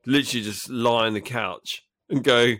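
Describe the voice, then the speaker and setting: A man's voice: mid-range voice, a bit bright, no room sound, clean studio sound. A man co-hosting a podcast, playful and jokey in casual chat. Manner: playful, jokey, quick to laugh. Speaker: podcast co-host.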